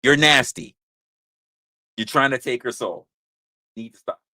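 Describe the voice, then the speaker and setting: A man's voice: medium pitch, fairly even intonation, unhurried, pushed and bright, no room sound. A man hosting a livestream in casual chat, rambling, crude and joking, repeating his phrases into a close mic. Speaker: livestream host.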